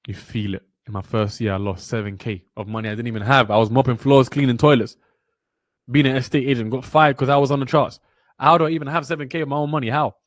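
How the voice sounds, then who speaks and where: A man's voice: mid-range voice, dry recording. A young man teaching a trading webinar. He is blunt and preachy, speaks with passion and repeats lines for emphasis. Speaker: trading mentor. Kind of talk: motivational webinar lecture.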